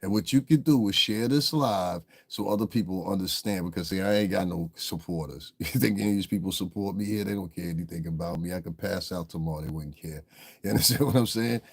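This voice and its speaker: A man's voice: sits low, fast talker, vocal fry, husky. Casual livestream host: man, laid-back, chuckles, talks to chat.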